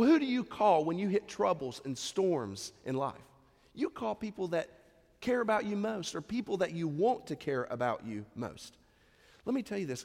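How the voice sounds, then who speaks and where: A man's voice: sits high, darkish tone. A man preaching a sermon as pastor, conversational, full of rhetorical questions to the congregation. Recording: long hall reverb.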